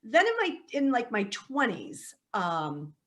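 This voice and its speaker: A woman's voice: fairly high pitch, slow pace. A middle-aged woman, a psychic medium guest, telling her life story in a casual podcast chat, laughing and acting out what people said. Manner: animated, laughing, acts out quotes.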